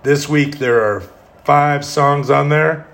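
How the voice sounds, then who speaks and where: A man's voice: fairly high pitch, takes it slowly, creaky, a bit bright. A middle-aged man hosting a solo podcast, talking candidly in a rambling way with self-deprecating humor. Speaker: podcast host.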